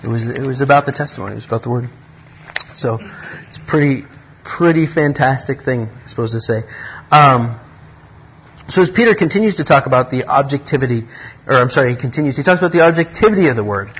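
A husky-voiced man leads a Bible study in a loose, conversational way. He restarts his sentences often and gets excited over the passages. The recording is muffled and lo-fi. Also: mid-range voice, quick pace. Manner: earnest, rambling with restarts, grows excited. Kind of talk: casual Bible teaching.

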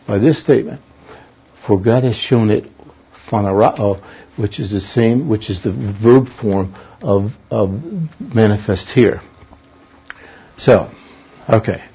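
A man's voice: lowish voice, breathy edge. A man teaching a verse-by-verse Bible study. He explains the meanings of words and puts questions to his class. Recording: dull lo-fi recording.

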